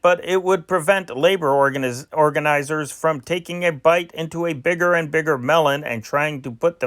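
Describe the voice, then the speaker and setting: Male amateur newsreader, higher-pitched voice, close dry mic, unhurried read with restarts. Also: fairly bright tone, dry recording. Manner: slow deliberate reading with restarts. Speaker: newspaper reader. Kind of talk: reading old newspaper stories aloud.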